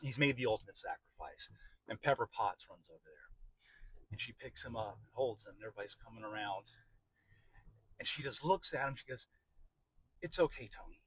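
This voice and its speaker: A man's voice: mid-range voice, fairly quick, fairly bright tone, breathy edge, rough recording. A middle-aged man hosting a podcast, talking through a candid personal monologue in a rambling, repetitive way with frequent swearing. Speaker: podcast host.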